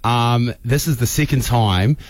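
A chatty man hosting a radio show. He sounds openly emotional and is full of quick asides. His voice has a middle pitch and the studio sound is dry and close. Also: dry recording. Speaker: radio host. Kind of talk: casual radio chat.

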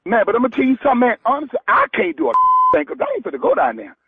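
Husky fast-talking exasperated man. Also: very high voice, wildly swooping pitch, dry recording, narrow, tinny audio. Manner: loud, exasperated, swearing. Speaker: prank call target. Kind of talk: phone conversation.

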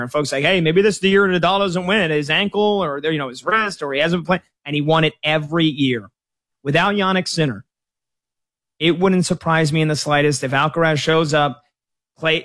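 A man's voice: on the high side, a bit bright. A man talking casually as a sports betting analyst, conversational with frequent fillers. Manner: conversational, uses fillers like "you know".

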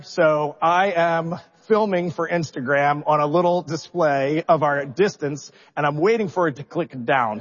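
Animated man telling a story in a hall. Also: a little high. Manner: animated, self-deprecating, builds suspense. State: emotional, holding back tears. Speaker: mission commander. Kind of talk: press conference storytelling. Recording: dull recording in a reverberant hall.

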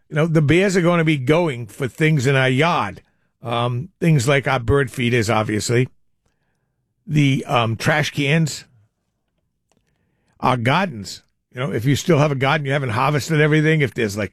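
A man's voice: mid-range voice, dry recording, studio quality. An older man hosting a call-in radio show, telling rambling stories with frequent chuckles. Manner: rambling storyteller, chuckles often. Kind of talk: casual radio chat.

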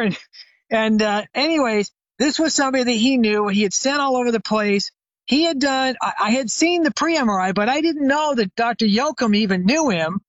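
A man's voice: extremely high pitch, a little fast, fairly bright tone, no room sound, dull audio. Older man telling a rambling story. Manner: rambling anecdotal telling with many fillers and restarts. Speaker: retired chiropractor, guest expert. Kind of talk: conversational storytelling interview.

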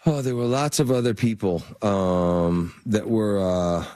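A man's voice: fairly low pitch, a little slow, warm tone, no echo. A man being interviewed as an actor guest, telling stories in a rambling way with many fillers and restarts. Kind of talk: casual interview storytelling.

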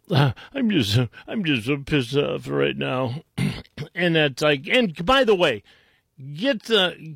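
A man's voice: fairly high pitch, a bit bright, no echo, clean studio sound. A man hosting a talk radio show, mocking and sarcastic, often restarting his sentences. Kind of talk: combative talk radio commentary.

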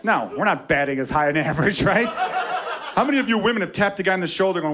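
This high-pitched comic talks fast with lively intonation, and there's background noise in the live club recording, where the crowd laughs along. His stand-up set is brash and profane, full of acted-out bits and voices.

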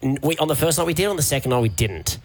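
Hoarse man telling a story. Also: fairly high pitch, expressive, very fast. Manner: chatty storytelling, laughs often. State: hoarse from a cold. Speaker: radio co-host. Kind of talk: casual radio chat.

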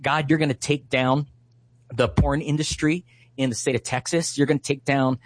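A man in his thirties from Hawaii, a Christian activist appearing as an interview guest, tells a story with earnest passion and lots of fillers. His voice is medium-pitched with fairly even intonation and a moderate pace.

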